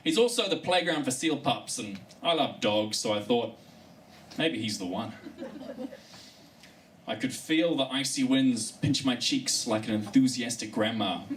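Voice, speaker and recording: A male comedian telling a story in a live stand-up comedy set. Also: medium pitch. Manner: storytelling, animated delivery. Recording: distant mic with live room noise.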